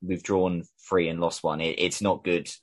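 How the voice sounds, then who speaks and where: A man hosting a casual fan podcast, talking fast in a rambling, frustrated way, with lots of fillers and restarts. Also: low voice, little pitch movement. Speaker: podcast host.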